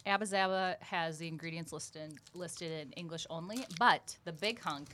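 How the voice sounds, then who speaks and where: A woman in a casual chat, giggly and animated. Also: low voice, normal speed, a little hiss or hum.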